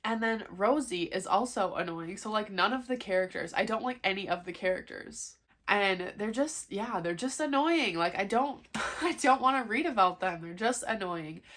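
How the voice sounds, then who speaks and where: Her mid-range voice sounds a bit bright and moves with lively intonation at a moderate pace. The young book vlogger keeps things chatty, but it turns into a frustrated rant about her reading, packed with fillers and frequent "like"s.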